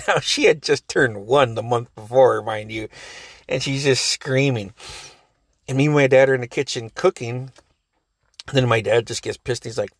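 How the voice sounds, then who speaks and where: A man's voice: mid-range voice, normal speed, gravelly, no echo, studio quality. A man in his forties casually telling a family story, rambling, cursing and laughing often.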